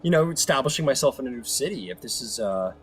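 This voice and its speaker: A man's voice: expressive, quick pace, faint music behind, lightly acted. A man playing a scheming, rule-bending male lawyer in a tabletop game, speaking in a theatrical courtroom style. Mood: earnest. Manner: theatrical courtroom oratory, booming objections. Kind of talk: tabletop role-play.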